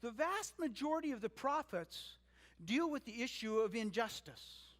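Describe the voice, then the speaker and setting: High-voiced preacher man in a reverberant hall. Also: big pitch swings, normal speed, a bit bright. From Canada. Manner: earnest, emphatic preaching with storytelling asides. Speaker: pastor. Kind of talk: sermon. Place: church sanctuary.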